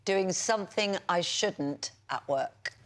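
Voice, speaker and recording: A woman on a comic panel show speaking in a measured, slightly sheepish way. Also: fairly low pitch, slight background noise.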